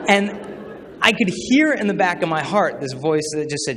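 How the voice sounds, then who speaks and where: A man's voice: a little high, normal speed. A young man in his twenties giving a humorous talk, acting out the voices in his stories. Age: 20s. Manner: animated, acts out quoted voices. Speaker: chastity speaker. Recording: hall reverb with faint noise.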